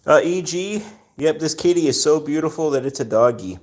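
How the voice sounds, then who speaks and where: A man's voice: fairly high pitch, animated, fairly quick, a little mellow. A man hosting a casual live stream with his rescue cats, greeting viewers by name in a chatty manner with many fillers.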